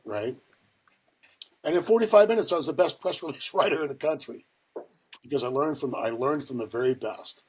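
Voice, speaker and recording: An older man from Ohio, a guest telling a long personal story in a rambling, profane way with lots of fillers and a husky voice. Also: on the high side, expressive, fairly quick, long pauses. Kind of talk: casual storytelling.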